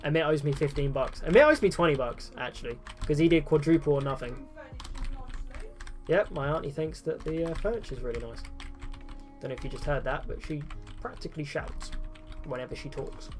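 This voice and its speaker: A man's voice: a little high, a little fast, faint music behind. A man chatting casually on a live game stream at home, answering chat in a self-mocking way.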